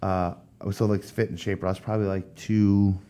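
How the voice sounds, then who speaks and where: A man in his thirties from the United States, telling a story in casual chat as a podcast guest, animated and acting out the voices of the people he quotes. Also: sits low, a little fast, smooth.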